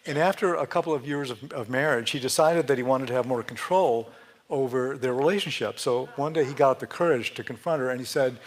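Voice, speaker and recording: A man's voice: mid-range voice, a little fast. A man giving a conversational sermon in a church, chatty and joking, often restarting his sentences and laughing at his own jokes. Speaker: speaker giving a Sunday talk. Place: church sanctuary.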